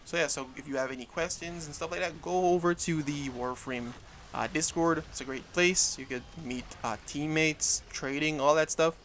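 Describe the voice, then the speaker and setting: A man's voice: on the high side, normal speed, fairly bright tone, a little hiss or hum. A young man, casually talking over gameplay footage and often correcting himself as he goes. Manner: casual, rambling, frequent self-corrections. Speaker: gaming YouTuber.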